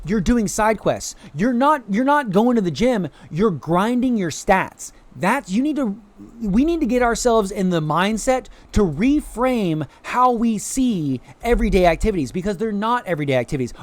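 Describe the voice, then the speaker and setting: This American game streamer has a high-pitched, very animated voice and talks at a moderate pace. He chats casually with his audience, greets chat, and throws in playful quacks.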